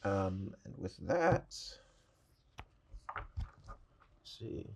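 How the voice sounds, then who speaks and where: A man's voice: low-pitched, very animated, extremely slow, vocal fry, slight background noise. A man playing a tabletop card game, steadily walking through his turn and reading card text aloud. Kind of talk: casual tabletop play.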